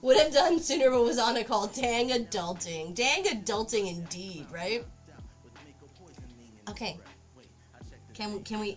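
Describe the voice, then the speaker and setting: A woman's voice: on the high side, lively intonation, unhurried, pauses often, faint music behind. A woman streamer chatting casually while crafting at home, often cooing at her cat. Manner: chatty, talks baby-talk to her cat. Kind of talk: casual livestream chat.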